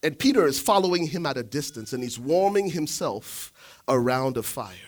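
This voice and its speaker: A man preaching a sermon, telling the story dramatically, swinging from shouts to hushed asides. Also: medium pitch, sing-song, normal speed.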